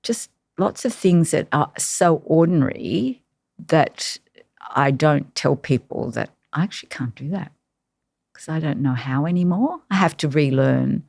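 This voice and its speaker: A woman, a carer, telling her personal story in an interview, reflective and halting with many pauses. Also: low-pitched, animated, gravelly, darkish tone, no echo.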